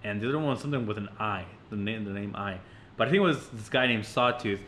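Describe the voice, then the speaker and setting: Man, podcast co-host, casual chat, bright tone, animated, faint background noise. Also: on the low side, quick pace. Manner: animated, swearing, laughs often.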